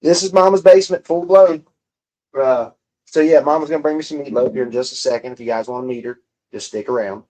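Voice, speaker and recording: Fairly quick and dark-toned at medium pitch, this young man livestreams from a room in his home. He reads viewer comments aloud and answers with casual, profane mockery.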